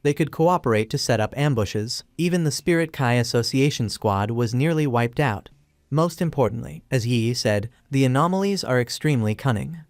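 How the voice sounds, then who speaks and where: A man reading the lines of a calm, thoughtful young male hero who explains things steadily. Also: medium pitch, no room sound, natural voice.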